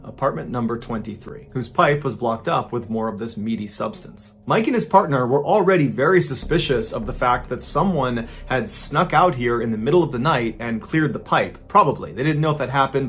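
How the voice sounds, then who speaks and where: A man tells a true crime story in a relaxed, conversational way, as if talking to a friend. His voice sits at an ordinary middle pitch, and he links events with plain spoken fillers.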